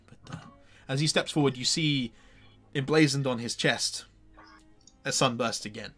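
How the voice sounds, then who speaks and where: A man's voice: medium pitch, normal speed, fairly bright tone, breathy edge, soft background music. A man narrating as game master for a tabletop game, hesitant and full of fillers.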